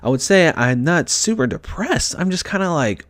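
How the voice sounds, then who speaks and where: A man's voice: on the high side, animated, normal speed, a bit bright, no echo. Upset young man telling a story. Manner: rambling, with frequent restarts and fillers. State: upset and stressed. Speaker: vlogger. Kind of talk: casual storytelling.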